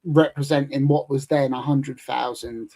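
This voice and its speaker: A man's voice: mid-range voice, fairly even intonation, normal speed, vocal fry, dark tone, rough recording. A British man in his thirties, talking as a guest in a loose, chatty way with plenty of fillers. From United Kingdom. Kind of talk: casual chat.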